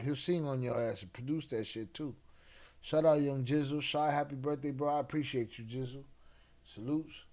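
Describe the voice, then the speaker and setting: A man hosting a casual late-night livestream, laid-back and slang-heavy, reading chat and giving shout-outs. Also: mid-range voice, steady tone, normal speed. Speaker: livestream host.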